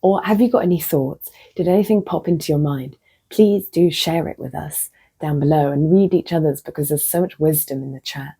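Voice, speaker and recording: Speaking to camera at a moderate pace, this female vlogger has a low voice with vocal fry and some breathiness. Her reflective, casual monologue is candid and self-mocking, with occasional soft drops into near-whispers.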